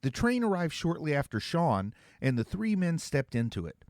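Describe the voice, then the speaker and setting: A man reading his own novel aloud as an expressive storyteller. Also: on the high side, normal speed, no echo, clean studio sound. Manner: expressive storytelling, voicing several characters. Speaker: author and narrator. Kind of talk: scripted narration.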